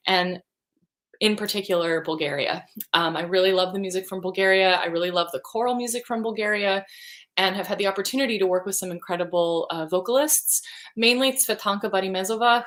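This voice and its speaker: A woman leading a livestreamed vocal warm-up as a vocal coach, chatting in a relaxed, encouraging way between exercises. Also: mid-range voice.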